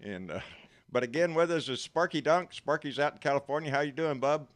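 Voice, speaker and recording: A man's voice: fairly high pitch, brisk. Folksy Texan man hosting a stream. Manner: folksy and chatty, calls people buddy and baby. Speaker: live stream host. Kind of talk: casual chat.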